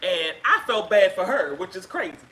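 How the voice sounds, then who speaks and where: A woman casually telling a personal story on a live stream, chatty and halting with fillers, acting out what others said. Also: medium pitch, expressive, fairly bright tone, rough recording. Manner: chatty, halting with fillers, acts out quoted speech. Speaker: guest sharing her story.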